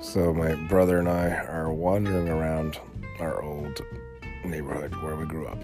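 A man's voice: a bass voice, flat delivery, moderate pace, over music. A man hosting a casual solo podcast, rambling and swearing freely, often restarting his sentences. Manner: rambling and profane, with frequent restarts. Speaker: podcast host.

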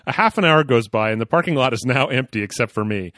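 Lively man reading a letter, dry sound. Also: mid-range voice, fast talker, no echo. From Oklahoma, USA. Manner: lively, chuckling reader. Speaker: podcast host. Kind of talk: casual podcast chat, reading a listener letter aloud.

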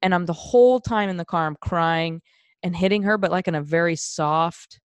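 A young woman in her twenties spins a rowdy, crude story with plenty of laughter, voicing the other people in it. Her voice sits a little low for a woman. The recording is dry and close, with no room sound. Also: normal speed, clear, resonant tone, no room sound. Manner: animated, laughing, crude storytelling with acted-out quotes. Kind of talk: casual storytelling chat.

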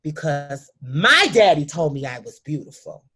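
A woman telling a heartfelt personal story as a guest, emphatic and sometimes halting, often speaking straight to the listeners. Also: low-pitched, very animated, a bit bright, slightly rough.

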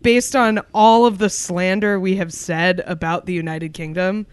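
A woman's voice: on the low side, steady tone, measured pace, a little hiss or hum. A young woman co-hosting a podcast in casual chat, playful and teasing, laughing often. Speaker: podcast co-host.

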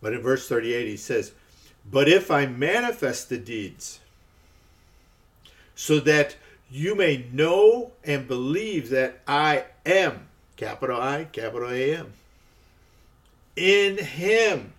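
A man's voice: mid-range voice, lively intonation, slow, pauses often. A man giving a conversational podcast Bible teaching, often checking in with "okay" and stressing the quoted lines.

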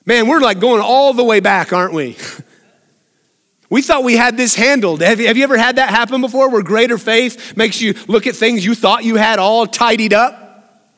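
A man's voice: extremely high pitch, normal speed, a bit bright. A man preaching a sermon as pastor, in a conversational way that asks the congregation questions and laughs often. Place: church sanctuary. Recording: long reverb of a large hall.

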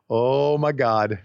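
A man's voice: mid-range voice, vocal fry, dry recording. An older man co-hosting a podcast, with laid-back, chuckling reactions. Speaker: podcast co-host. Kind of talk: casual podcast chat. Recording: dull lo-fi sound.

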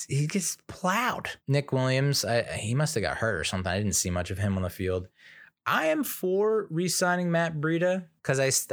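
A man's voice: mid-range voice, no echo, studio quality. A man giving a casual, rambling commentary monologue as a sports fan, full of fillers, restarts and blunt opinions.

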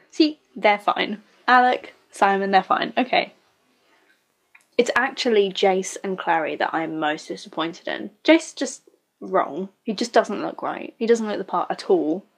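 Woman, casual reaction commentary, sarcastic, blunt, swears freely, mid-pitched voice. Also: a little slow, creaky, husky. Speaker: show reviewer.

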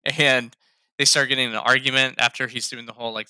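A man's voice: medium pitch, flat delivery, fast talker, bright, forceful tone, clean tone, dry recording, clean studio sound. A man in casual chat about a film, laughing a lot, swearing freely and acting out lines he liked. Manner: laughing, profane, quotes lines in raised voices. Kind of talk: casual movie review chat.

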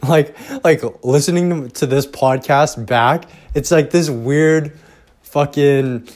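A man's voice: fairly high pitch, takes it slowly, darkish tone. A young man hosting a podcast alone, rambling casually with lots of swearing and self-deprecating asides. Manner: profane, self-deprecating, trailing off. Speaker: podcast host. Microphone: headphones and home recording setup.

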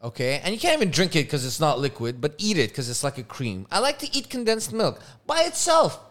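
A young man co-hosting a casual podcast, with a slightly raised pitch and a very lively, bouncing delivery. He tells stories freely, swears often, and breaks into loud, high outbursts. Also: a little fast. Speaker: podcast co-host. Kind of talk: casual chat.

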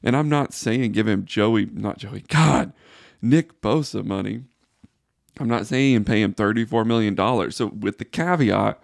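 A man's voice: medium pitch, creaky, dry recording, studio quality. A man hosting a solo sports podcast, ranting in exasperated frustration. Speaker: podcast host.

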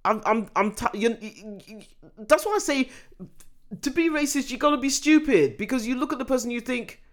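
A woman in casual conversation, opinionated and animated, often restarting her sentences. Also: a little high, moderate pace. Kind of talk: casual chat.

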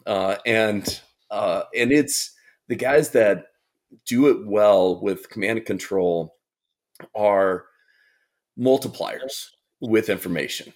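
A man speaking as a naval aviation guest on a panel, explaining things in a measured, earnest way. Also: fairly low pitch. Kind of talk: casual panel conversation.

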